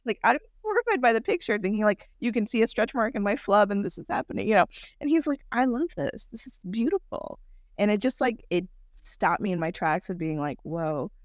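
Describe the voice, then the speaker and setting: Animated woman podcast guest. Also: mid-range voice, fast talker, no echo, studio quality. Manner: animated, acts out quotes in bigger voices. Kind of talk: casual podcast chat.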